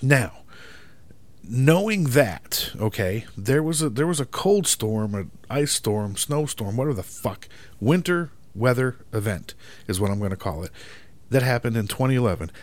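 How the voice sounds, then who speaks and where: A man's voice: mid-range voice, expressive, normal speed. A man who grew up in Michigan hosting a solo podcast, ranting in an exasperated, profane way. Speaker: podcast host.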